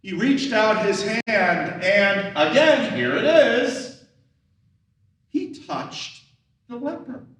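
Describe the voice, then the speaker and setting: A pastor with a high, somewhat bright voice preaches in a church sanctuary, using lively intonation and drawing out his words. He speaks conversationally and acts out the questions and lines of the people in his story, captured from a distance in a roomy church hall.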